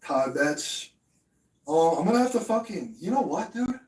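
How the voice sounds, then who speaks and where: A man's voice: fairly high pitch, sing-song, normal speed, a little mellow, distant mic. Young male streamer, crude and boastful, rambling, echoey room, off mic. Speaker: live streamer. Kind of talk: casual livestream chat. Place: room at home.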